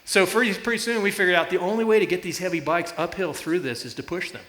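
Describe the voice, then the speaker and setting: A man's voice: high-pitched, fast talker, fairly bright tone, roomy sound. A man preaching a sermon, telling a story with laughter and illustrations. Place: church.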